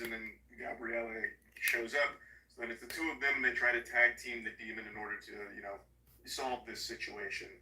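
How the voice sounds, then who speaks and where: Man with a very bright, sarcastic voice. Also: medium pitch, distant mic. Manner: sarcastic, profane, animated storytelling. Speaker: movie recapper. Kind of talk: casual comedic movie recap. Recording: echoey room, voice off-mic.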